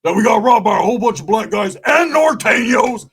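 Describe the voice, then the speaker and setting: A man voicing a male friend from his story as a loud, indignant, defensive guy who shouts his protests. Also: high voice, expressive, a little fast, vocal fry, breathy edge, voice pushed up, heavily acted. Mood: insistent.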